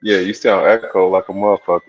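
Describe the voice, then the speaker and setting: A man's voice: low-pitched, steady tone, quick pace, muffled recording, soft background music. A man co-hosting a casual podcast over a video call, teasing and laughing, swearing a lot. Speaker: podcast co-host.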